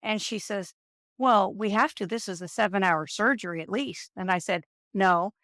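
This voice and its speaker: A woman in her fifties, a nurse, telling stories in an interview and acting out the people she quotes in an animated way. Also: medium pitch, moderate pace, dry recording, clean studio sound. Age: 50s. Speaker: nurse and guest. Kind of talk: storytelling interview.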